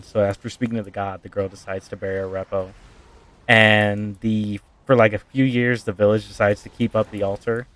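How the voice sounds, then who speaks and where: A man's voice: lowish voice, little pitch movement, moderate pace, fairly bright tone. A man casually retelling a tabletop backstory as a streamer, rambling with lots of fillers.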